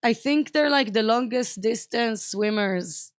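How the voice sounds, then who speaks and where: A woman's voice: fairly high pitch, a little slow, clear, resonant tone, no echo, clean studio sound. A woman, a podcast guest, chatting frankly with constant "like" fillers and some swearing. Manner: chatty, sprinkles "like", frank and profane. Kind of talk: casual chat.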